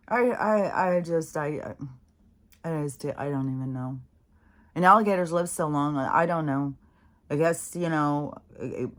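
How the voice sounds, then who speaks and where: Woman with a low voice, rambling and swearing, exasperated casual rant. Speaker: vlogger. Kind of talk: casual ranting monologue.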